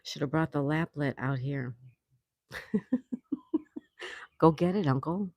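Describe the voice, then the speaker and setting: Low-voiced woman hosting a casual livestream. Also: expressive, slow, darkish tone, no room sound. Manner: reads viewer comments aloud, chatty and affectionate. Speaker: livestream host.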